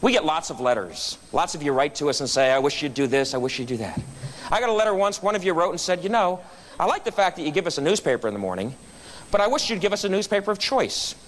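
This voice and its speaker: Animated, fast-talking male storyteller. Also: on the high side, a little hiss or hum. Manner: animated storyteller acting out quotes. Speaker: speaker at a club meeting. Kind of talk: storytelling speech. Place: meeting room.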